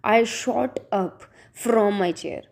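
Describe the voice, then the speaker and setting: A woman narrating a first-person thriller audiobook in a steady, even storytelling manner. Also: medium pitch, takes it slowly, vocal fry. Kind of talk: scripted narration.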